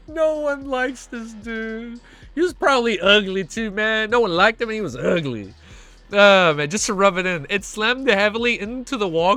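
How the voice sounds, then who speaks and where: An excitable young man reads a story aloud on his reaction stream, his high voice leaping all over the place. He keeps cutting in with slangy outbursts. His tone is bright and sharp, with faint music underneath. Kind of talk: reading a web novel aloud and reacting.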